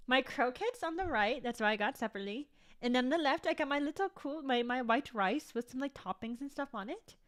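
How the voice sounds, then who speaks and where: A woman's voice: high voice, animated, a little fast, a bit bright. Chatty, foul-mouthed young woman vlogger. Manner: chatty, rambling, swears freely. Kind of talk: casual chat to viewers.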